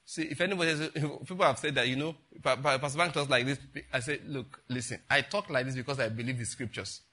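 An older man preaches. His voice is bright and forward but husky, and he keeps turning to the congregation with rhetorical questions. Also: medium pitch, fairly even intonation, quick pace. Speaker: pastor. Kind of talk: sermon.

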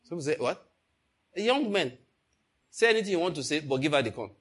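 An older man with a slightly high voice preaches a sermon at a fairly quick pace. He tells a story with animation and calls out questions to the congregation.

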